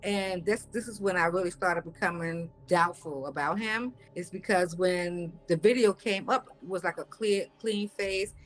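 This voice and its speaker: A woman's voice: lowish voice, normal speed, hardly any pauses. A woman casually telling her own story in a conversational, hesitant, doubtful way.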